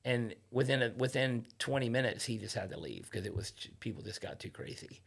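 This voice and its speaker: A man's voice: mid-range voice, brisk, vocal fry, husky. A man on a podcast, talking casually as a guest, swearing freely and acting out quotes as he tells his stories. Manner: loose storyteller, swears freely, acts out quotes. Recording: podcast studio.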